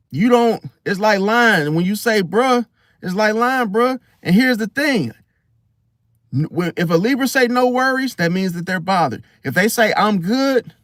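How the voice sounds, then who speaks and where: A man's voice: high voice, fairly bright tone, no echo, clean studio sound. A man giving a casual, preachy monologue about astrology, full of slang and rhetorical questions like "See?". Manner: slangy, blunt, swears casually. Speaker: astrology vlogger.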